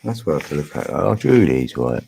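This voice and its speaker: Guy rambling on a livestream, deep gravelly voice, kinda husky, laughs a lot. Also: sing-song, moderate pace, dark tone. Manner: chatty, laughs often, thinks aloud while searching. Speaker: livestream host. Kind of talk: rambling casual monologue.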